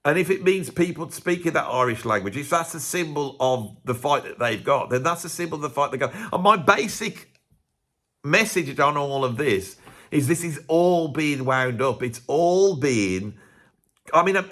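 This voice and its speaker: A man's voice: on the high side, expressive, moderate pace, fairly bright tone. A man talking to camera in a casual, rambling monologue, often breaking off mid-sentence and asking rhetorical questions. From England. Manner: rambling, self-interrupting, full of rhetorical questions. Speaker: YouTube commentator.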